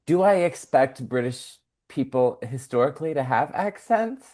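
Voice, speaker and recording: A man hosting a podcast in casual chat, jokey and quick with asides, laughing often. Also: mid-range voice, animated, a little mellow. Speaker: podcast host.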